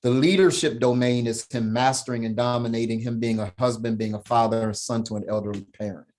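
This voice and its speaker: A man guesting on a podcast, talking casually in an animated, slangy way and punctuating his points with "right?". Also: medium pitch, fairly quick. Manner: slangy, emphatic, laughs while telling stories. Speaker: podcast guest, founder of a men's program. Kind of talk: animated storytelling, casual talk.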